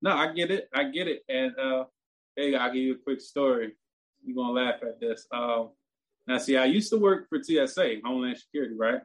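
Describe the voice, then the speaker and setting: A man's voice: mid-range voice, brisk. A man, telling a story in casual, profane talk that turns heated. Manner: animated, profane, gets heated and loud.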